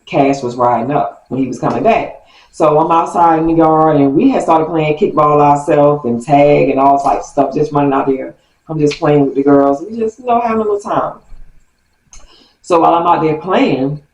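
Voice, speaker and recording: A woman vlogger telling a story from her youth, animated and acting out the quotes. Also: deep voice. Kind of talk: casual storytime. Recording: roomy, distant mic.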